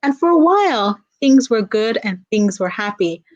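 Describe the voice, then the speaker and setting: A woman's voice: a little high, very animated, moderate pace, lo-fi sound. A woman who writes children's books, telling a folktale aloud in a playful way and drawing the listener in with call-and-response. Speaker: children's book author and guest.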